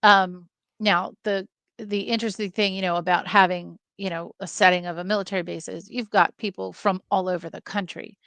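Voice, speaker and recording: A woman's voice: medium pitch, fairly even intonation, brisk, creaky, a bit bright, no room sound. A woman co-hosting a casual film podcast over a video call, chatty and explaining background with plenty of fillers.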